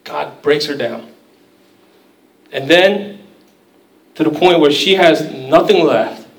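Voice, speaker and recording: A man's voice: a little high, slow, echoey room, distant mic, low-quality recording. A man preaching a sermon in a conversational, storytelling way, acting out quoted voices. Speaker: pastor.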